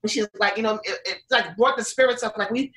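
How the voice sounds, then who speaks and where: Being interviewed about her pizza business, a woman from the United States talks fast in a slightly high, fairly bright voice. She's casual and chatty, with lots of fillers and restarts, and she acts out others' words. The recording is rough.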